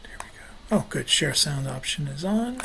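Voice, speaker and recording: A man hosting an online poetry gathering, relaxed and offhand as he handles the tech. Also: fairly high pitch, normal speed, gravelly, a little hiss or hum. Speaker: host. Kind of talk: casual hosting remarks. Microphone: video call.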